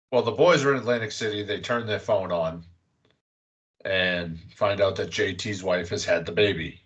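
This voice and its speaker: The audio sounds dull, though the man's lowish voice still carries a fairly bright tone. As a podcast host, he chats casually through a movie recap, wandering off track with fillers and a curse here and there.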